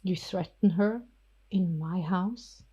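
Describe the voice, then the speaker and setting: A woman's voice: lowish voice, slow, dark tone, breathy edge, dull audio. A woman voicing a defiant, protective male vampire who speaks coldly and firmly. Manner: cold and firm.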